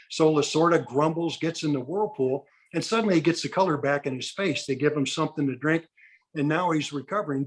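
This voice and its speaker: His voice is husky and a little high. He's a guest in his sixties, a retired ball pitcher, telling lively anecdotes and impersonating the people in them.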